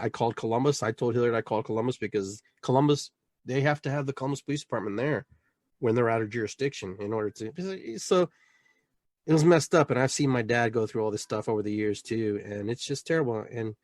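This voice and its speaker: A male podcast host telling a personal story in casual chat, animated and full of restarts. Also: mid-range voice, fast, no echo.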